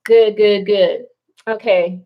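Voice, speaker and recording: A woman's voice: medium pitch, highs cut off. A woman hosting a casual live stream from home at night, reading viewer comments aloud and chatting with frequent laughter. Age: adult with children. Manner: chatty, laughs often, slow and relaxed.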